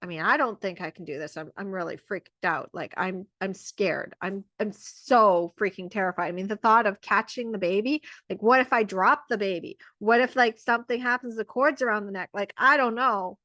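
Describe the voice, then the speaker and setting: A woman's voice: medium pitch, moderate pace, hardly any pauses, pushed and bright, no echo, lightly acted. A woman voicing an anxious male partner who is fearful and hesitant, stammering nervously and filling his talk with "like". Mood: frightened. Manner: stammering, nervous, full of fillers.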